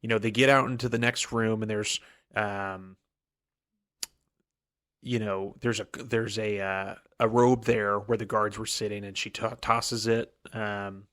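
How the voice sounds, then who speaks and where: A man's voice: lowish voice, flat delivery, a little slow, a bit bright. A man co-hosting a book podcast, retelling the chapter in casual chat and briefly acting out the characters' lines. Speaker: podcast co-host.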